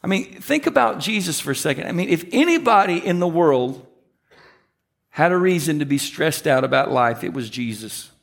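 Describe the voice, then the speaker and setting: High-voiced man preaching a sermon. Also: fairly bright tone. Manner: conversational preaching with emphatic slowed phrases. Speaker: pastor.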